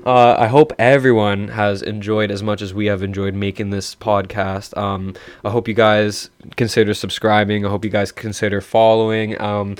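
A man's voice: on the low side, level tone, moderate pace, hardly any pauses, clean tone. A young man hosting a podcast, chatting easily and leaning on "you know" as he wraps up. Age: young adult. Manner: easygoing, uses lots of "you know". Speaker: podcast host. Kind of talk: casual podcast chat.

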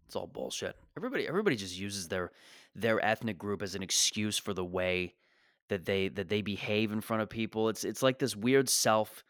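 A young man with a lowish voice rants through a comedy bit. He sounds exasperated, swears freely and pokes fun at himself. The sound is dry and close, with no room around it. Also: expressive, fairly quick, fairly bright tone, no echo. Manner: exasperated ranting, profane, self-deprecating. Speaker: stand-up comedian. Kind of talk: stand-up rant.

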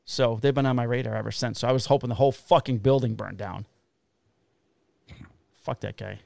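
A man, a police officer co-hosting a podcast, telling a story in a casual, animated way with a lot of swearing. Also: mid-range voice, fairly quick, gravelly, no echo. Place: Illinois.

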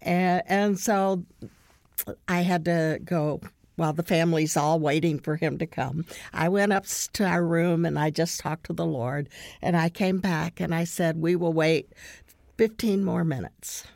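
A middle-aged woman with a somewhat low voice hosts the conversation, earnestly recounting a family story. She laughs here and there as she tells it. The recording is dry and close, with no room sound. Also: steady tone, a little slow, creaky, darkish tone, no echo. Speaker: podcast host.

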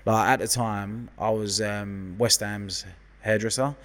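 A man's voice: fairly low pitch, measured pace, big-room sound. A man in his thirties from London with a London accent, telling stories as a guest in casual, sweary chat. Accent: London English. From London, England. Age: 30s. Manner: sweary, lively storyteller. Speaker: guest hairdresser.

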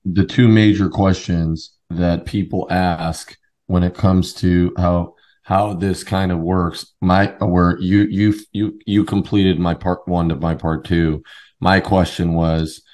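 A man co-hosting a podcast, framing a question haltingly with several restarts. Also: deep voice, fairly even intonation, darkish tone. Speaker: podcast co-host. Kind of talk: casual podcast chat.

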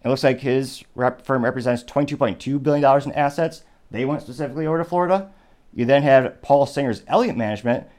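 A man's voice: mid-range voice, quick pace, a little mellow. A man hosting a solo political commentary show, talking conversationally with sarcastic asides and frequent digressions. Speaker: host.

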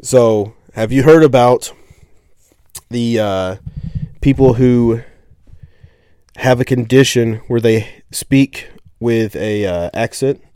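A man's voice: medium pitch, slow, long pauses, mellow, smooth, no echo. Casual male podcast host, rambling storyteller, dry recording. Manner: rambling storyteller, many fillers. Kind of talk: casual chat.

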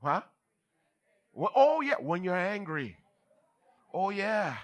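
A bishop preaching a lively church sermon, who talks back and forth with the congregation. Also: male voice, sits high, takes it slowly. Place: church service.

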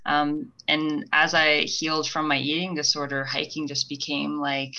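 A woman's voice: low voice, level tone, normal speed, sharp tone, lo-fi sound. A young woman talking reflectively on a podcast, meandering with many fillers. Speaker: guest. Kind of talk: casual podcast conversation.

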